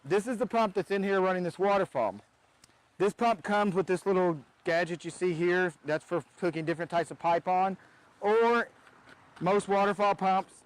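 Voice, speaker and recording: A man's voice: sits high, low-quality recording. A man who runs a pond business giving a casual how-to demonstration outdoors beside a backyard pond, chatty and often restarting his sentences.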